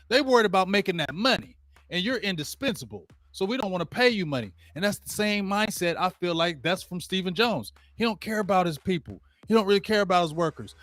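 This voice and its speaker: Man, sports show host, ranting watch-along, slangy, talks to viewers, higher voice, dry close sound. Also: expressive, brisk, fairly bright tone, no room sound, faint music behind. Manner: ranting, addresses viewers directly; casual slangy talk. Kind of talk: live play-by-play rant while watching a game.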